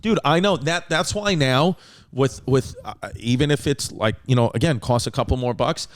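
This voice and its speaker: A man's voice: mid-range voice, moderate pace. A man hosting a comedy podcast, telling long rambling stories in casual chat and quoting others along the way. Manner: rambling storyteller, quotes his mother. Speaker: podcast host.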